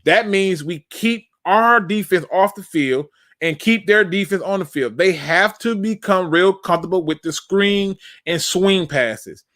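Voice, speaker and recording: A man's voice: high-pitched, unhurried, fairly bright tone. A man hosting a live sports talk show, emphatic and fired-up, breaking down game film and talking straight to his audience. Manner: addresses the audience as "y'all". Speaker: host.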